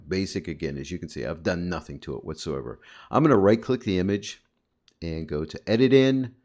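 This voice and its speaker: Upbeat deep-voiced male tutorial host. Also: darkish tone. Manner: upbeat, chatty, addresses viewers as guys. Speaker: photo editing instructor. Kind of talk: screen-recorded software tutorial.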